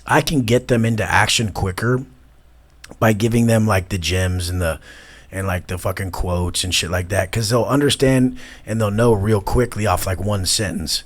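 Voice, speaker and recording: A low-voiced man in his thirties talks as an interview guest. He is blunt and profane and mocks people, often breaking into loud imitations of them. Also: steady tone, moderate pace.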